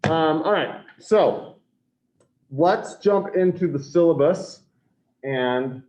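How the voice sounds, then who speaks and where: A man's voice: a little high, slow, darkish tone. A man teaching an online class, taking attendance in a scattered, self-correcting, apologetic way. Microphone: video call. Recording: tinny video call audio.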